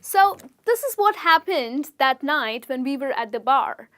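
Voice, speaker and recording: A woman's voice: high voice, expressive, a little slow, fairly bright tone. A young woman from India, teaching slang expressions in a chatty lesson and checking in with "okay?". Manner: chatty, explains with stories and frequent "okay?" check-ins. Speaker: English teacher. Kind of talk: explaining slang in a video lesson.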